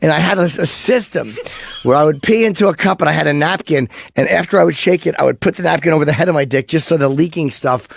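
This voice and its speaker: Gravelly man telling crude stories. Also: a little high, fast. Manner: blunt self-mocking storyteller. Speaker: radio show co-host. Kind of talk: crude radio banter.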